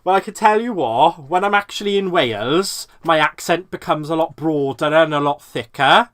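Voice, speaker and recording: A man's voice: fairly high pitch, normal speed, a bit bright. A man hosting a live crafting stream, chatting casually and laughing at himself as he works. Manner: chatty, self-mocking, laughs often.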